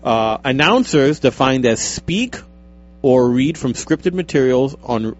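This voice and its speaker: Man, radio co-host, casual chat, reads out numbers, joking asides, animated pitch, dull lo-fi sound. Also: slow pace. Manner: jokey, wanders off into asides while reading figures. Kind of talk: casual chat, reading a report aloud.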